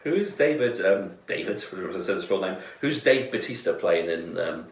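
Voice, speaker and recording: A very deep-voiced man drops dry, joking asides into a casual podcast chat. His voice moves around a lot in pitch despite its low base. It comes from well away from the mic in an echoey room. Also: expressive, moderate pace, distant mic. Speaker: podcast co-host.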